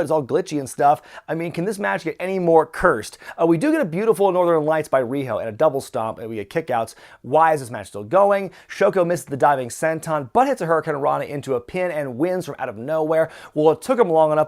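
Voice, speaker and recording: A man's voice: on the high side, lively intonation, fast talker, few pauses. A man reviewing wrestling matches in casual, opinionated commentary with frequent fillers.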